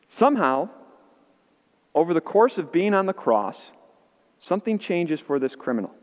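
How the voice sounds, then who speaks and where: A man preaching a sermon as pastor, animated and acting out the voices he quotes. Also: moderate pace, pauses often. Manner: animated, acts out quoted voices with rising pitch. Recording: muffled audio in a reverberant hall.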